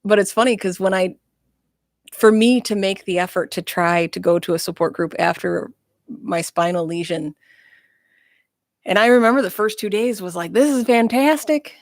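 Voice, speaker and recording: A woman's voice: on the low side, normal speed, pauses often, no room sound. A woman guest speaking frankly and bluntly in a casual interview chat, with self-mocking humor, in a small studio.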